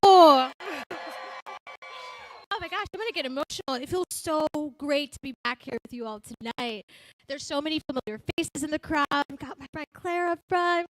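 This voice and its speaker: A woman's voice: high-pitched, fairly bright tone, dry recording, poor audio. A woman with a Chicago accent hosting a live talk show, chatty and upbeat as she addresses a crowd in a hotel lounge.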